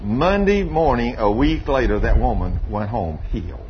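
A man's voice: mid-range voice, expressive, normal speed. A man preaching a sermon, telling stories in a folksy, emphatic, drawling way. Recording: muffled lo-fi sermon recording with faint hiss.

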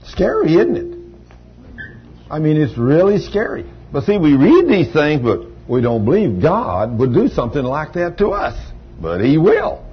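A man's voice: mid-range voice, breathy edge. An older man preaching a sermon with personal testimony, telling folksy stories and acting out the dialogue with rising emphasis. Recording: dull lo-fi recording.

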